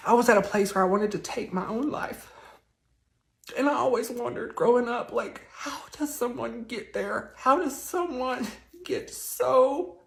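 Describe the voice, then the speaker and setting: Guy on a livestream, gravelly, keeps stopping and restarting, soft, roomy echo around him. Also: very high voice. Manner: halting, soft-spoken, with many restarts. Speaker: network marketing recruiter. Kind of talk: confessional livestream.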